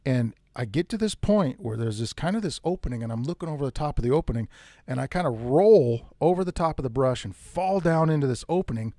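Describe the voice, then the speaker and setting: A man telling a tense first-person hunting story in a casual, animated way, with some mild swearing. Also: medium pitch, no echo, studio quality. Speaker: outdoors storyteller.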